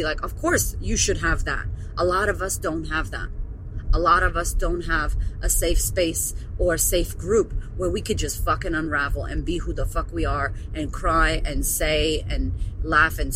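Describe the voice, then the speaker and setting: A woman's voice: low voice, fairly even intonation, normal speed, fairly bright tone, a little hiss or hum. A woman hosting her own podcast as a confidence coach, speaking in a gushing, emotional way with plenty of swearing. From Melbourne area. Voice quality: profane, gushing, emotional storyteller. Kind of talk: casual podcast monologue.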